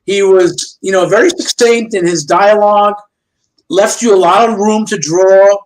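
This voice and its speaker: An older man, a guest comic book artist, telling lively anecdotes and acting out the dialogue of people he worked with. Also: high voice, a little slow, rough recording. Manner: lively storyteller who acts out quoted dialogue. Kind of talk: storytelling anecdotes in a chat show interview. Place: remote video call.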